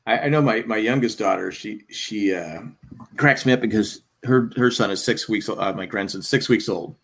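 A man's voice: fairly low pitch, moderate pace. An older grandfather in casual podcast chat, telling stories and acting out quotes. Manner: animated storyteller acting out quotes. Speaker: podcast co-host.

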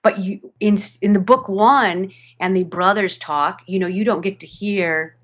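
A woman who narrates audiobooks, chatting animatedly in an interview, with fillers and quick restarts. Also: medium pitch. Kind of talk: podcast interview chat. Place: home studio over a video call.

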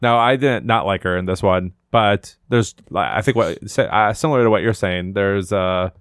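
A man co-hosts a podcast, thinking aloud about a film and pausing to find his words. His voice sits a little low, and he often breaks off to ask a question. The close mic gives a dry sound. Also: dry recording. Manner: thoughtful, hesitant, asks questions. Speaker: podcast co-host. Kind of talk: casual film discussion.

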